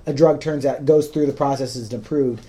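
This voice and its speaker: A man's voice: medium pitch, steady tone, moderate pace, warm tone, a little hiss or hum. A man hosting a podcast, patiently explaining things in plain words with frequent ums. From United States. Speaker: podcast host. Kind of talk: casual explanatory podcast talk.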